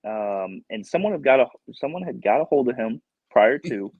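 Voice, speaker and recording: A male professional wrestler telling a lively backstage story in a casual interview, laughing often as he talks. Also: medium pitch, normal speed, slightly rough, dry recording. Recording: dull lo-fi recording.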